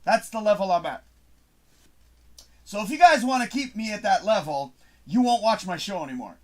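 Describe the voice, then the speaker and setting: A man's voice: high-pitched, lively intonation, moderate pace, darkish tone. A man hosting his own show, ranting to camera in a frustrated, swearing monologue with emphatic bursts. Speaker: host. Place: home studio.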